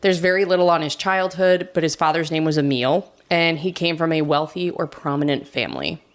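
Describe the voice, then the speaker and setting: A woman co-hosting a true crime podcast, telling the case in a relaxed, conversational way. Her voice sits a little low, and she drops in self-deprecating asides as she goes. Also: fairly quick. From United States. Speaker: podcast co-host narrating the case.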